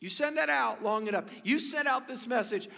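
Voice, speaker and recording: Male pastor, bright energetic sermon voice, high pitch, storyteller, large reverberant hall. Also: moderate pace, vocal fry. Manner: storytelling, acting out shouted quotes.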